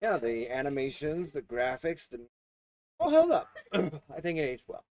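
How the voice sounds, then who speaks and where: A man giving a casual, rambling game review with many fillers and restarts. He coughs and keeps clearing his throat. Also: fairly high pitch, huge pitch swings, unhurried, a little mellow, dry recording.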